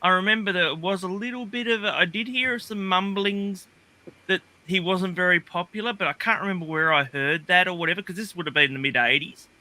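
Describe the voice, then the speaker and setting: A man's voice: high-pitched, fairly quick, sharp tone. A man on a livestream, chatting casually and rambling with many fillers and restarts. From Australia. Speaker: guest. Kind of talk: casual chat. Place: livestream call.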